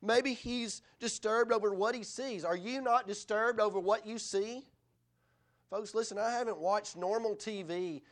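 A middle-aged man delivers a sermon in a notably high voice. He preaches earnestly but conversationally, and he leans on rhetorical questions to draw in his listeners. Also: fairly bright tone. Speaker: pastor.

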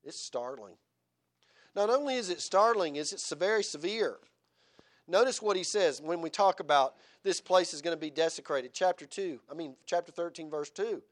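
A man's voice: on the high side, expressive, normal speed. A man preaching a sermon in church, reading scripture aloud and driving his points home with rhetorical questions. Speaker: pastor.

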